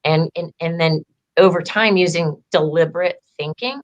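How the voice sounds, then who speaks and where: Speaking at normal speed in a lowish register, a woman who coaches women on empowerment recounts her story during an informal interview. She's talkative, sprinkles in plenty of "like," and acts out what people said.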